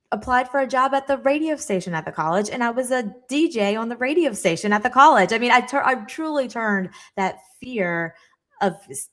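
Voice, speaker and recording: A woman's voice: medium pitch, a bit bright. A woman in her forties from New Orleans, a podcast guest talking in an enthusiastic, reflective way with some fillers. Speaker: podcast guest, leadership consultant. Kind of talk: casual chat.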